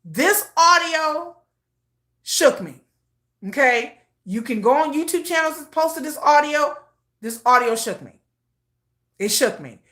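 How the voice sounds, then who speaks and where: A woman's voice: high voice, lively intonation, slow pace, pauses often, a bit bright, echoey room. A woman giving casual, emotional commentary, often repeating herself. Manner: emotional, repetitive, restarts often. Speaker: commentary vlogger.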